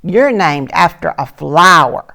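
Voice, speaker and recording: A woman's voice: low-pitched, lively intonation, a little slow, gravelly, sharp tone, heavily acted. An older woman doing a smug little schoolgirl mouse. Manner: smug and teasing.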